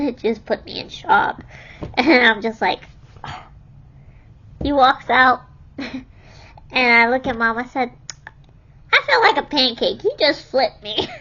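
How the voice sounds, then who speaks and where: A young woman with a high voice recounts her stories at an unhurried pace. She laughs often and acts out the lines of the people in them. The recording sounds a little dull and lo-fi. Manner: laughs often while telling, animated quoting of others. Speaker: vlogger telling her life story. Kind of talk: casual storytelling.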